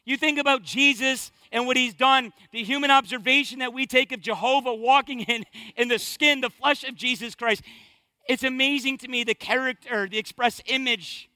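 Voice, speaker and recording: A man preaching a sermon as pastor, impassioned and conversational, dropping to a hush and then rising loud. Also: very high voice, steady tone, moderate pace, no echo. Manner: impassioned, swings from hushed to loud.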